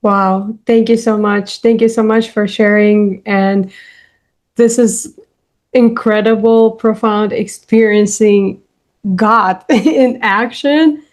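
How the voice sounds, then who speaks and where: A woman's voice: mid-range voice, fairly even intonation, slow pace, darkish tone. A woman podcast host responding to her guest with effusive appreciation. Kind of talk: interview conversation.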